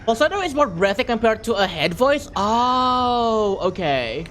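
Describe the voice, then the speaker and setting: Lively, excitable streamer voice. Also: mid-range voice, measured pace, a little hiss or hum. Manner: excitable, laughs often, repeats words when flustered. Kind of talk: casual live-stream chat.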